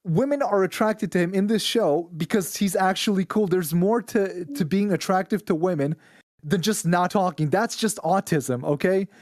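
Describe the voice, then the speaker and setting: A man's voice: high voice, moderate pace, a little mellow, no echo. A man from Israel, a podcast guest, ranting bluntly and with plenty of swearing in casual chat.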